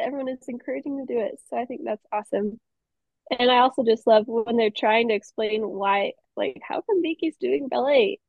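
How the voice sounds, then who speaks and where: A woman's voice: on the high side, dry recording. A young woman co-hosting a casual podcast, talking enthusiastically with some laughter. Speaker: podcast co-host. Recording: slightly muffled dry mic.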